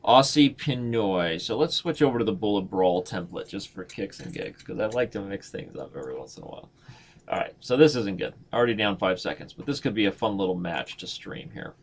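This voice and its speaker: A man's voice: fairly low pitch, animated, fairly quick. Chatty joking man streaming chess. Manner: chatty, joking, self-mocking, thinks aloud. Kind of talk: casual live-stream commentary.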